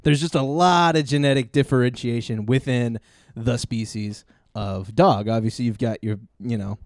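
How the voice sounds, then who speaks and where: A man's voice: medium pitch, steady tone, normal speed, no room sound. Manic joking young man, dry close mic. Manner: loud, manic and joking, shouts for emphasis. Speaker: podcast co-host. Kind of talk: casual comedic chat.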